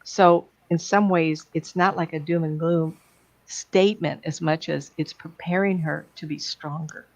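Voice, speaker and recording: Gravelly, low-pitched woman medium, chatty anecdotes, dull lo-fi stream audio. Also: steady tone, unhurried. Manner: chatty, laughing, acts out quoted voices. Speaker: psychic medium guest. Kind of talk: rambling anecdotal storytelling.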